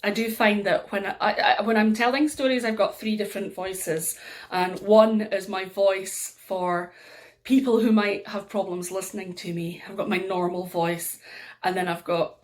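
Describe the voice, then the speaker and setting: A woman with an Aberdeen Scottish accent gives a storytelling workshop. Her delivery is lively, with big swings in pitch and loudness as she demonstrates voices. Her speech is casual and full of ums. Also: normal speed. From Aberdeen, Scotland. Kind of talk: instructional workshop talk.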